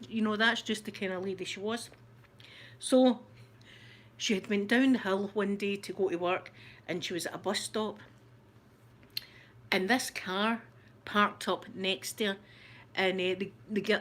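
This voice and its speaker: A middle-aged Scottish woman, the host of her channel, telling a story in a casual chat, animated and laughing often. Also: mid-range voice, normal speed, pauses often.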